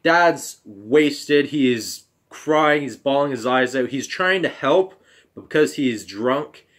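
A man's voice: medium pitch, a bit bright. A young man tells a personal story straight to his viewers. His voice sits in an ordinary middle register. He stumbles through fillers and restarts as the memory gets hard to talk about, and he swears bluntly. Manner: halting, emotional retelling with fillers and restarts. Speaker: vlogger.

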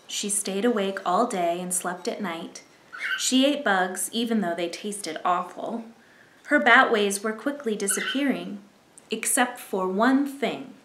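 A woman reading a picture book aloud as a library storyteller, gentle and expressive, with asides to young listeners. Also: medium pitch, echoey room, a little hiss or hum.

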